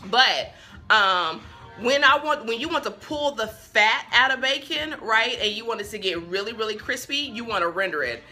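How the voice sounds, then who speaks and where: With soft music playing in the background, a young cooking show host streams live from her home kitchen on a phone on a stand while bacon sizzles in a pan. Her voice is a little high, animated, pushed and bright at normal speed, and she talks directly to viewers, easily distracted.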